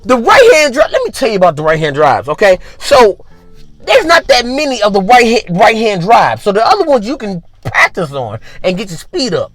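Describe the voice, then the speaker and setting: A man's voice: very high voice, normal speed. A man hosting a podcast, telling a comic story as an exaggerated rant full of repeated asides. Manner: animated, exaggerated, repetitive asides. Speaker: podcast host.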